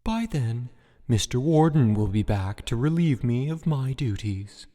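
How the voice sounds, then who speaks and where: A man voicing a young, wry acting camp director who makes deadpan announcements. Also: medium pitch, a little slow, long reverb tail.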